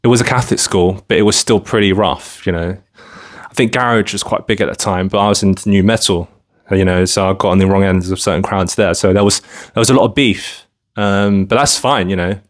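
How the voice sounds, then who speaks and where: Rambling low-voiced man from London. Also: fairly even intonation, a little fast. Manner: rambling, heavy with filler phrases. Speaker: vlogger. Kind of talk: casual vlog monologue.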